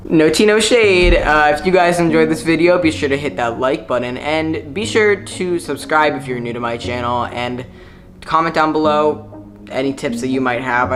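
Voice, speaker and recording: A man speaks in a relaxed, chatty vlog voice at an ordinary middle pitch. His talk is blunt and loose, full of filler words. Clear music plays behind him. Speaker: YouTuber. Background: background music.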